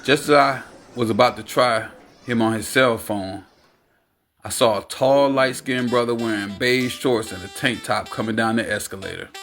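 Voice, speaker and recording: A man reading an audiobook aloud in a steady, unhurried narration. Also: mid-range voice. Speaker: audiobook reader.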